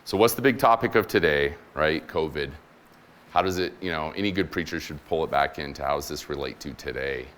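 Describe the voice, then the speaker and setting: A man in his forties with an extremely deep voice speaks as a guest chaplain. He preaches in an easy, conversational way, adds humor, and voices the people in his stories. A faint noise floor sits under the recording. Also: brisk, a bit bright. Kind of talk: sermon. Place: church room with congregation.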